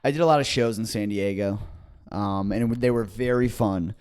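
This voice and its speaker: A young stand-up comedian co-hosting a casual comedy podcast spins long, rambling stories from his gigs, looping back with fillers and restarts. He acts out the people he quotes. His voice sits on the low side, smooth and a little mellow, at a normal speed.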